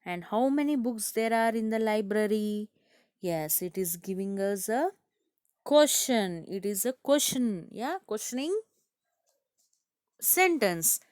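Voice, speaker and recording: Slow-talking Indian English teacher woman. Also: medium pitch, lively intonation, a little mellow, clean tone, dry recording, studio quality. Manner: slow, repetitive explaining, asks and answers herself. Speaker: school teacher. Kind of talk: online grammar lesson for children.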